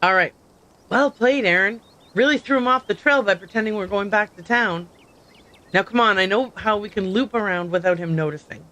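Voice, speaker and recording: A woman's voice: medium pitch, normal speed, fairly bright tone, natural voice. A woman voicing an earnest, upbeat young female vlogger who hunts monsters in a narrative game.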